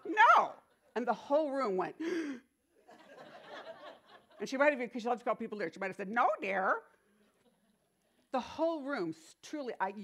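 A woman giving a sermon in a chatty, animated storytelling manner, with frequent asides. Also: medium pitch.

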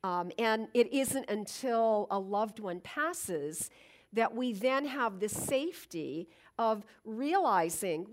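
Middle-aged woman, earnest inspirational speaker, lively pitch, slightly high. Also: slow pace. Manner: earnest and reflective, with fillers and restarts. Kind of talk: inspirational talk.

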